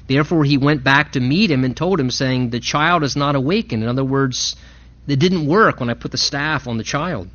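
A man's voice: moderate pace, fairly bright tone, highs cut off. Impassioned male pastor preaching. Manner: impassioned, rising in pitch and volume for emphasis. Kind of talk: sermon.

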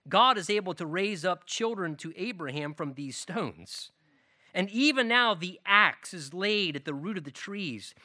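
A man delivers a sermon with fervent emphasis, his voice high and bright. He punches key phrases loudly, then drops into quieter conversational asides to the congregation. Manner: impassioned preaching, loud emphatic bursts then quiet asides. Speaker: pastor.

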